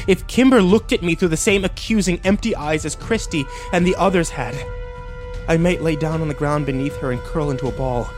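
A man narrating a dark first-person story in a tense, emotional way. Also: a little high.

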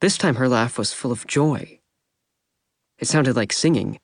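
A man narrating a first-person audiobook in a calm, intimate way. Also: medium pitch, a little slow, vocal fry, dry recording, clean studio sound.

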